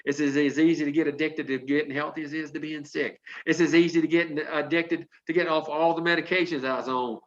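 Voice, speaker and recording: A man's voice: a little high, steady tone, fast, few pauses, lo-fi sound. A man in his sixties giving an emphatic, preachy motivational pep talk to a sales team over a video call, with folksy storytelling.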